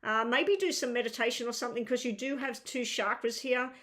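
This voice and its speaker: A woman's voice: a little high, steady tone, brisk, a bit bright. A woman giving a live tarot reading, chatty and reassuring, thinking aloud as she turns the cards. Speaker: tarot reader.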